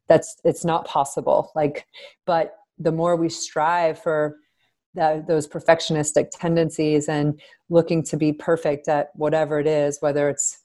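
Low-voiced woman, reflective psychologist. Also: warm tone. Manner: earnest, reflective, thinks aloud with many fillers. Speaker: psychologist guest. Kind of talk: podcast interview.

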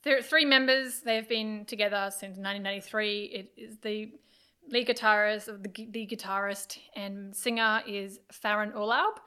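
Bright-voiced woman telling stories. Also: mid-range voice, fairly even intonation, normal speed, smooth. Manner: chatty, enthusiastic storytelling with many fillers. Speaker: podcast guest. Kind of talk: casual chat.

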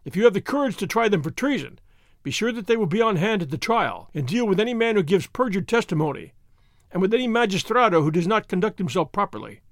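A man voicing the proud leader of young noble horsemen, speaking sternly and forcefully. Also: high-pitched, sing-song, fast talker, dry recording, clean studio sound.

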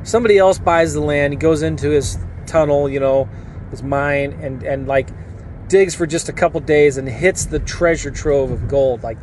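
A middle-aged man gives a casual, energetic podcast pep talk from his parked car, with a somewhat high voice. He rambles, restarts his sentences and pushes hard on his points. Faint car and street sounds hum behind him. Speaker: podcast host and coach. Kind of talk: casual motivational podcast monologue.

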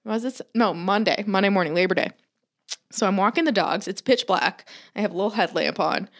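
A young woman co-hosting a podcast tells a story in loose, casual chat. She acts out what everyone said in dramatic little asides and swears without a second thought. Her pitch sits in an ordinary middle range for a woman. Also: brisk. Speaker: podcast co-host.

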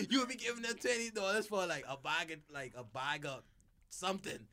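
A young man chats on a podcast in a rambling, filler-heavy way and swears freely. His voice is bright and quite lively, and sits a little high. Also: moderate pace. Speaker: podcast co-host. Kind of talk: casual chat.

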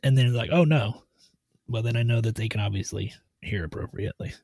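A man who gives medical exams, explaining his routine step by step in a steady, methodical way on a podcast. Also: fairly low pitch, fast, vocal fry, no echo. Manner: steady, methodical, tries to stay on task. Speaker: medical provider doing truck-driver physicals.

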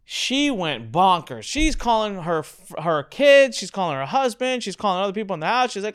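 A man hosting a podcast interview, chatting casually and telling stories with lively acted-out dialogue. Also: sits high, moderate pace, clear, resonant tone. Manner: animated storyteller, acts out family dialogue. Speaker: podcast host.

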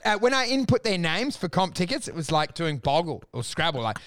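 A man's voice: fairly high pitch, big pitch swings, a little fast, fairly bright tone. A man telling comedy stories in casual podcast chat, profane and exasperated, acting out the people he quotes.

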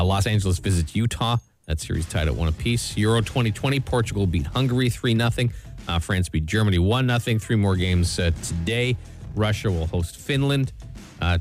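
A man hosting a radio show, reading the news rundown in an easygoing, wry way. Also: low-pitched.

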